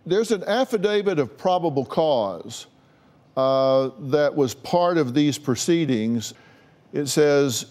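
A man's voice: fairly high pitch, lively intonation, slow pace, darkish tone. A man with an American accent hosting a talk show, asking blunt, direct questions in a studio interview.

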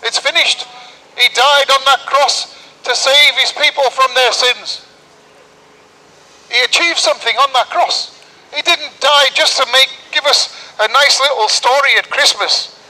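A man's voice: extremely high pitch, fairly even intonation, unhurried, bright, forceful tone, low-quality recording. A man preaching an open-air sermon on a town street, urgent and full of repeated rhetorical questions.

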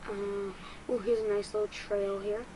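A woman giving excitable let's-play commentary as a gaming YouTuber, quick to get frustrated and poking fun at herself. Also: mid-range voice, a little hiss or hum, poor audio.

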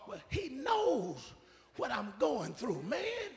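A man a call-and-response sermon, repeating his phrases and swinging from soft asides to shouts. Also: extremely high pitch, huge pitch swings, slow, soft background music. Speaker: preacher. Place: church sanctuary. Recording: preaching in a reverberant church hall.

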